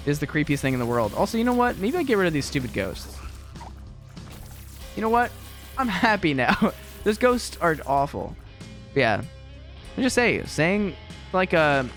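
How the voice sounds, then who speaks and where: A young man talks through a game in a loose, rambling way, his pitch sitting a little high and bouncing all over. He laughs often and pokes fun at himself between remarks, with faint game music running underneath. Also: a bit bright. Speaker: gaming video creator and teacher. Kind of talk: casual gameplay commentary.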